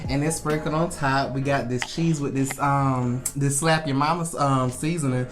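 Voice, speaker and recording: A man's voice: medium pitch, fairly even intonation, moderate pace. A young man in his twenties, hosting a casual mukbang food vlog in a laid-back, chatty way and laughing easily.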